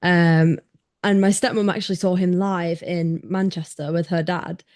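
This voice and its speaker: A young woman hosting a casual interview, speaking hesitantly with many fillers and pauses. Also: lowish voice, fairly even intonation, darkish tone. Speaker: podcast host, racing driver.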